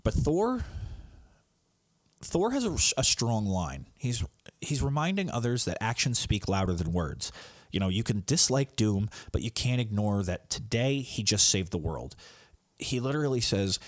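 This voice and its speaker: A man's voice: fairly low pitch, big pitch swings, unhurried, dry recording, clean studio sound. A man hosting a comics podcast, recapping issues in a rambling, casual way. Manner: rambling, with restarts and fillers.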